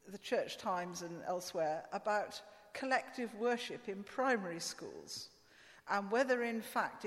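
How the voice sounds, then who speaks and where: A woman giving an informal, conversational sermon with asides and fillers. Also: mid-range voice. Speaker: preacher. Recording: long church reverb.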